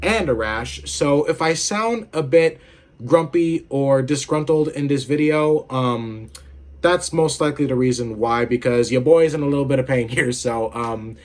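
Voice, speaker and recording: A man's voice: mid-range voice, measured pace, darkish tone. A young man hosting a casual video game commentary, rambling and swearing with lots of filler words while feeling unwell with a headache. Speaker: gaming video host.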